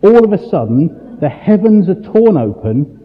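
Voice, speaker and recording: Emphatic preacher in a big echoing hall. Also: male voice, sits high, sing-song. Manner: emphatic, rhetorical questions, dramatic pauses. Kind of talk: sermon. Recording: tinny phone-like sound in a large reverberant hall.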